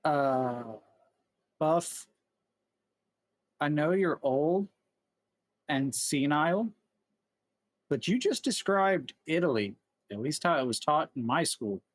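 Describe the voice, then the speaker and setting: A man's voice: fairly high pitch, lively intonation, takes it slowly, long pauses, no echo. A man hosting a reaction video, chatting casually with rambling jokes and unsure asides.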